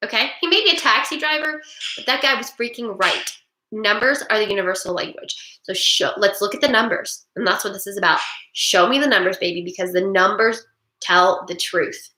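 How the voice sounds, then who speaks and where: Animated bright-voiced woman hosting a webinar. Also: on the high side. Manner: animated, rambling, emphatic. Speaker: webinar host. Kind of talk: casual monologue. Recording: echoey room.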